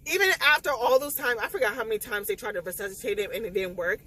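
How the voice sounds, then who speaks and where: Woman book vlogger, slightly high voice, emotional, tearful retelling. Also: fairly quick, rough recording. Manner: animated, emotional retelling with quoted dialogue. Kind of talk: casual spoiler recap vlog.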